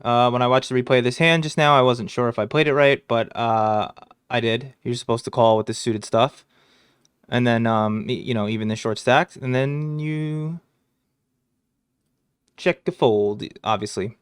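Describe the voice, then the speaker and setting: A man's voice: mid-range voice, fairly even intonation, moderate pace, clean tone, no room sound, clean studio sound. Crude joking man reviewing poker hands. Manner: crude, joking, rambling with swearing. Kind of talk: casual hand review commentary.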